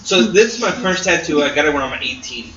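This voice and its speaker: A man's voice: fairly high pitch, lively intonation, brisk, sharp tone, a little hiss or hum. A young man telling a rambling, laughing story in casual chat, swearing freely. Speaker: podcast guest. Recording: roomy, distant, dull mic with crowd.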